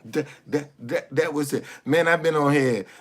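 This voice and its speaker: A man's voice: on the high side, normal speed. A man hosting a casual livestream monologue, blunt and preachy, repeating himself and cursing. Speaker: livestream host.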